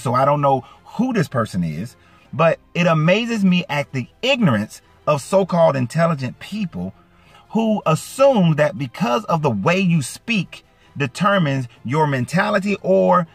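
Animated Georgia man with a light Southern accent. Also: slightly rough, no room sound. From Atlanta, Georgia. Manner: animated, emphatic, swings from low asides to raised indignant peaks. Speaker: YouTube commentator. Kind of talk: casual commentary. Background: faint background music.

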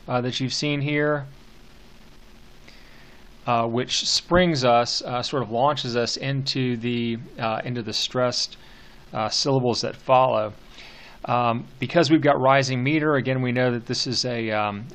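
A man teaches a recorded poetry lecture at an ordinary middle pitch. He explains step by step, pausing on fillers and circling back to restart his sentences. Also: a bit bright. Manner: halting, with many fillers and restarted phrases; measured, explanatory.

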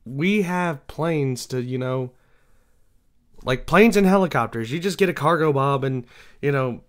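A man's voice: mid-range voice, expressive, a little slow. A young man hosting his own show, chatting casually in a rambling way with lots of fillers and restarts. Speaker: show host. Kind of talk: casual solo chat.

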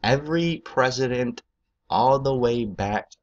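A man's voice: mid-range voice, a little slow, dull audio. A man hosting a political video, ranting angrily and rambling with heavy profanity.

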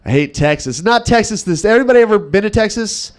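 A man's voice: sits high, quick pace, background noise. A man in his twenties from Nevada, doing a wry, self-deprecating stand-up set on a club stage. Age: 20s. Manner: wry, self-deprecating, animated impressions of locals. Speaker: stand-up comedian.

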